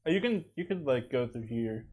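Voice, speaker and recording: A man's voice: medium pitch, animated, fairly quick, darkish tone. A man running a tabletop game as game master, casual and joking with his players.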